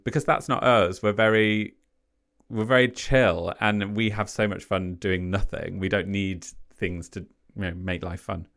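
A man with a lowish voice tells a personal story as a guest. He talks in an animated way and acts out what people said.

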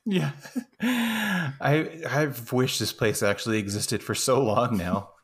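A man's voice: medium pitch, expressive, slow, breathy edge. A man co-hosting a podcast, chatting casually about a film and often laughing and chiming in with quips. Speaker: podcast co-host. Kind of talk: casual film recap chat.

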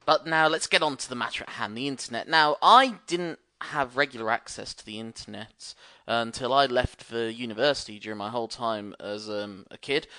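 A man's voice: medium pitch, brisk, pushed and bright, no echo. A man in his thirties co-hosting a podcast, opening with theatrical, jokey patter. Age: 30s. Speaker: podcast co-host. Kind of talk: casual podcast chat.

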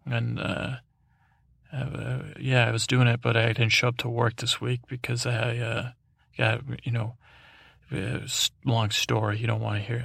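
Male podcast host, rambling bedtime storytelling, gravelly voice, dry close mic. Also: mid-range voice, level tone, unhurried, a bit bright, dry recording. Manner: meandering, hesitant, full of fillers.

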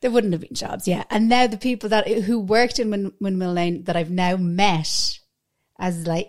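A woman's voice: medium pitch, steady tone, normal speed, darkish tone. An Irish woman co-hosting a podcast, talking bluntly with lots of swearing and teasing. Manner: sweary, blunt, teasing, puts on mocking voices. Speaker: podcast co-host. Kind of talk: casual chat.

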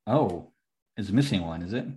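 A young man co-hosting a casual chat, excitable and swearing freely, laughing often. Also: low voice, a little fast. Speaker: podcast co-host.

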